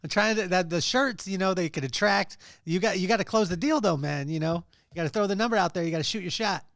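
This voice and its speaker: Male podcast host, playful teaser, slightly high voice, dry mic. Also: fast, fairly bright tone, no room sound. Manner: teasing and playful. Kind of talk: casual chat.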